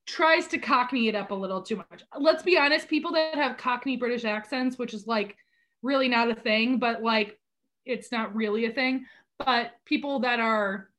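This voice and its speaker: A woman's voice: fairly high pitch, normal speed, fairly bright tone. A woman co-hosting a podcast, chatting casually and expressively, teasing with fondness. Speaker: podcast co-host. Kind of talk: casual chat.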